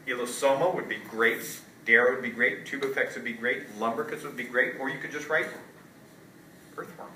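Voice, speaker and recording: A man's voice: mid-range voice, moderate pace, bright, forceful tone. A man giving a casual college zoology lecture, quizzing students and often checking with "right?". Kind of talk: classroom lecture. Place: lecture hall. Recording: roomy lecture hall from far off, light noise.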